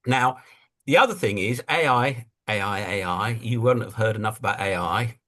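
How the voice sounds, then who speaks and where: A man's voice: lowish voice, normal speed. A man talking as a guest in a casual conversational interview over a video call, telling stories and acting out what other people say. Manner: animated storyteller who acts out quotes. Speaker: guest investor and writer.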